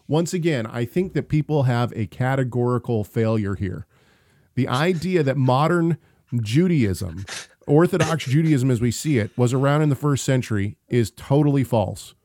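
A man's voice: mid-range voice, animated, normal speed, darkish tone, no echo. A man chatting casually on a podcast, telling stories with animation and frequent laughs. He often restarts mid-sentence. The recording is dry and close, with no room sound. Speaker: podcast co-host. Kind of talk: casual chat.

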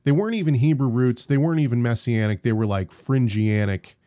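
A man's voice: mid-range voice, brisk, mellow. A young man co-hosting a casual live-streamed podcast, talking in emphatic, rambling runs with frequent restarts. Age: young adult. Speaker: podcast co-host.

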